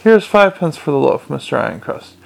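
A man's voice: a little high, very animated, fairly quick, creaky, exaggerated voice, rough recording. A man voicing an earnest, polite young male watch captain in an audiobook, patient, courteous and mild.

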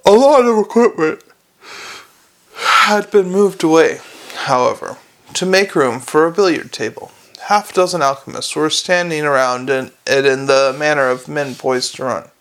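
Gravelly-voiced man narrating an audiobook. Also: fairly high pitch, a bit bright. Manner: measured storytelling with small slips.

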